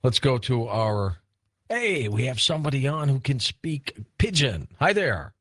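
Animated male radio call-in host. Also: mid-range voice, a little slow, no echo, studio quality. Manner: lively, joking with callers. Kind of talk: late-night call-in radio.

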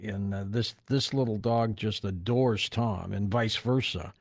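A man hosting a radio talk show, relaxed and easygoing with his guests. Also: on the low side, a little slow, no echo, clean studio sound. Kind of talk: radio interview. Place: radio studio.

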